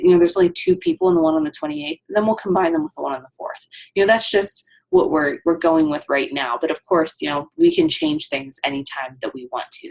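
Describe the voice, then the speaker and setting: A woman's voice: on the low side, gravelly, darkish tone. A woman coaching her team on a casual call, chatty with lots of ums and asides.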